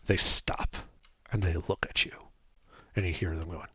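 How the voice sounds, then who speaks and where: A man narrating a tabletop game as game master, describing scenes in a lively, casual way with fillers. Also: low-pitched, a little slow, breathy edge, dry recording.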